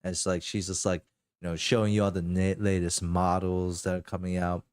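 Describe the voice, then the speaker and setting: A man's voice: sits low, little pitch movement, brisk, a little mellow, smooth, dry recording, clean studio sound. A man narrating a tabletop game as game master, rambling with lots of fillers.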